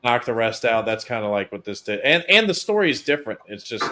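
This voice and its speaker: A man's voice: mid-range voice, sing-song, fast, noisy background. A man co-hosting a casual movie review podcast, hesitant and full of fillers and restarts. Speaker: podcast co-host. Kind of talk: casual chat.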